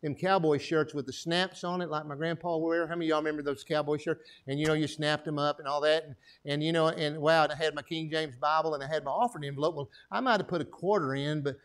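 A middle-aged Texan with a Texan accent preaches a sermon that includes his personal testimony, told in a folksy way while he calls for amens from the congregation. His voice is on the high side with fairly even intonation, and he talks fast with few pauses.

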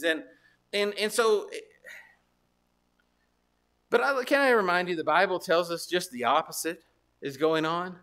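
A man's voice: high-pitched, measured pace, pauses often, pushed and bright. A man preaching a sermon as pastor, in a conversational storytelling manner with asides and restarts.

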